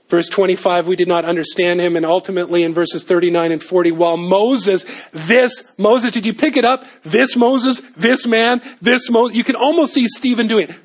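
A man preaching a sermon, animated, rising to emphatic peaks and dropping to low asides. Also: normal speed. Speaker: pastor.

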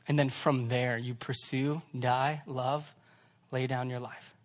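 A young man preaching a sermon in a conversational way, swinging between loud emphasis and hushed asides. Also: mid-range voice, level tone, unhurried. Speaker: pastor.

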